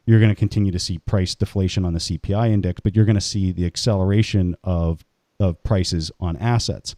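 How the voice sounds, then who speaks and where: A male interview host with a low, mellow voice. He thinks aloud and builds long, careful questions. The sound is dry and close, with no room echo. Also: steady tone, brisk.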